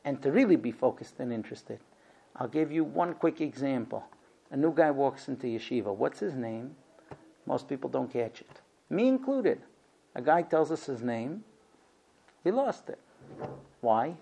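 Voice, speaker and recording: A man's voice: mid-range voice, expressive, normal speed, vocal fry, pauses often, dark tone, slightly rough. A man lecturing a class about marriage, animatedly acting out both sides of conversations.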